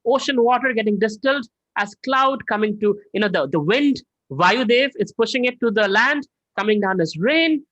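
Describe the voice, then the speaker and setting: Lively male teacher. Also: high-pitched, no echo. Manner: animated, conversational, asks the class questions. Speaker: spiritual teacher. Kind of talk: online scripture class, storytelling. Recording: dull dry online audio.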